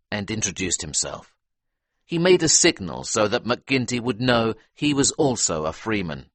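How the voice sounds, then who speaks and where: A man narrating a storybook for English learners in an even, clear reading. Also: on the low side, no echo.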